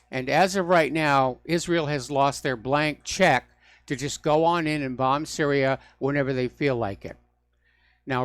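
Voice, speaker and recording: A man's voice: a little high, dry recording. A man hosting a call-in radio talk show, delivering opinionated, mocking rants.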